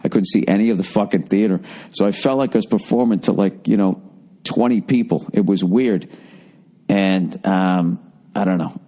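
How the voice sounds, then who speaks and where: A man in his forties with a Boston accent, his voice worn hoarse, ranting through a profane podcast monologue as a comedian host. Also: low voice, normal speed. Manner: profane, ranting, animated storytelling.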